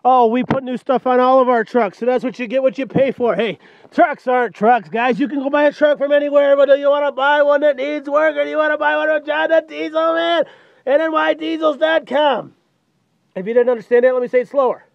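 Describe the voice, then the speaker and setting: Man, truck salesman, very high voice, gravelly, jokey hyped patter, dull dry lo-fi recording outdoors. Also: fairly quick, dry recording. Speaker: truck dealer. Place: outdoors on a cold lot.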